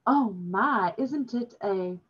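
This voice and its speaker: A woman reading aloud and voicing a polite, gentle woman who speaks softly and slowly. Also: medium pitch, animated, husky. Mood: gracious, polite. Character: polite gentle adult woman, a kindly host. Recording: dull lo-fi recording.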